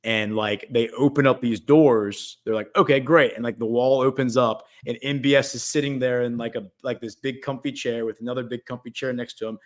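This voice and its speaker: A man's voice: medium pitch, fairly even intonation, a little fast, few pauses. A man hosting a casual talk show, telling a long story full of fillers and acted-out quotes. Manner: rambling, filler-heavy, acts out quotes. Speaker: podcast host.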